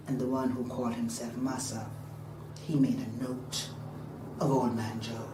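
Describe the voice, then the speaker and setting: A woman performs a folk tale for a live audience, her slow, low-pitched voice dropping to hushed whispers and then rising to loud cries. She is heard from far off in a roomy space, with faint background noise underneath. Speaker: storyteller. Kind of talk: dramatic live folk storytelling.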